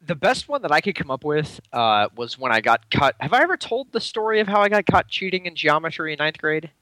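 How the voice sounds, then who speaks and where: A man's voice: a little high, animated, a little fast, sharp tone, dry recording. A man co-hosting a podcast, chatting casually with wry, teasing banter. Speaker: podcast co-host. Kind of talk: casual chat.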